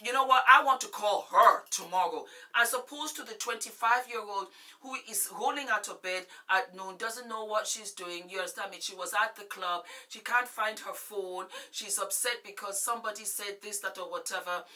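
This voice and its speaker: A woman's voice: medium pitch, moderate pace, few pauses, sharp tone. A woman in her forties giving frank, emphatic relationship advice straight to camera as a vlogger, sounding a little distant from the mic. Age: 40s. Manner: emphatic, blunt, preachy.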